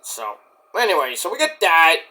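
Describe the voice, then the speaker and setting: A man's voice: fairly high pitch, huge pitch swings, normal speed, bright, forceful tone. A man reviewing a wrestling show in casual chat, rambling, sarcastic and profane.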